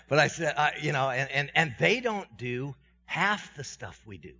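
A pastor preaching a sermon to his congregation in a conversational way, with self-deprecating humor, his voice swinging from loud and high to quiet and low. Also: big pitch swings, slow pace, slightly rough. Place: church sanctuary. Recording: dull sound with long reverb in a church hall.

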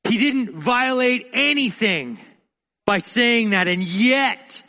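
A man preaching a sermon, dramatic, swinging between emphatic lines and quiet, hushed asides. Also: very high-pitched, animated, slow pace, big-room sound.

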